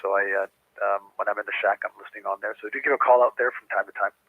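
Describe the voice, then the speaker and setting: A man's voice: on the low side, steady tone, fast, noisy background. An older retired man checking in on an amateur radio net, friendly and talkative, with stumbling fillers. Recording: tinny dry radio line.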